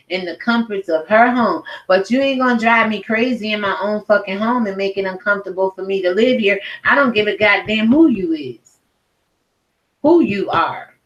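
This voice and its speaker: A woman's voice: medium pitch, moderate pace, a bit bright, dull audio. A middle-aged woman ranting at home in a blunt, profane, heated commentary video. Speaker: commentary vlogger. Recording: roomy echo.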